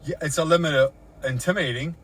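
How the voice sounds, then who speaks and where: A man's voice: fairly high pitch, fast talker, fairly bright tone, slightly rough. A shaken middle-aged man in a parked car, giving an agitated account with swearing and repetition, recorded on a phone. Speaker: vlogger recounting an encounter. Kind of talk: agitated first-person account. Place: inside a parked car in a parking lot.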